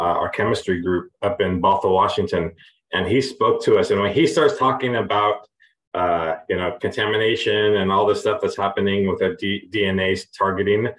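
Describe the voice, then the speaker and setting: A man's voice: on the low side, roomy sound, low-quality recording. A man chatting as a panelist, telling an anecdote and checking that others agree. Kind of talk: casual chat.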